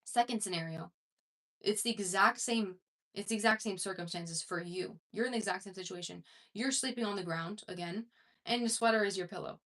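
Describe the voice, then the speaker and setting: A woman's voice: medium pitch, fairly quick, a bit bright. A woman self-improvement coach talking casually to her viewers, conversational and rambling, with many fillers and restarts. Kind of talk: casual talk to camera.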